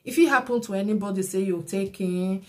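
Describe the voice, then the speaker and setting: A woman's voice: mid-range voice, a little fast, warm tone. A woman with a Nigerian Pidgin accent giving chatty, preachy advice as a vlogger. She often adds "you know" while she comments. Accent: Nigerian Pidgin English. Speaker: vlogger commenting on a viral clip.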